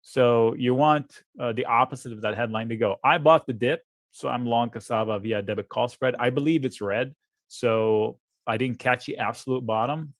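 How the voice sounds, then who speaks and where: A man's voice: mid-range voice, no echo. Blunt man walking through trading charts. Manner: blunt, quick asides, thinks aloud over charts. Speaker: options trader guest. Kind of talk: live trading webinar commentary.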